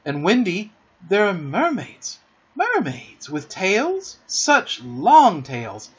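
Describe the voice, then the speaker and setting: A man's voice: sits high, huge pitch swings, slow, slightly rough, voice pushed up, exaggerated voice. A man voicing a boastful, cunning young boy in a storybook reading, with a coaxing, sly manner in a dull lo-fi recording.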